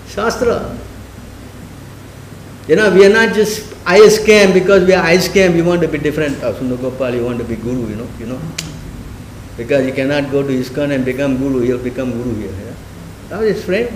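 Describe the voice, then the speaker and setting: A man's voice: on the high side, fairly quick, slight background noise. A man teaching a spiritual class in a conversational way, often questioning his listeners and acting out quoted speech. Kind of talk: sermon class. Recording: echoey room.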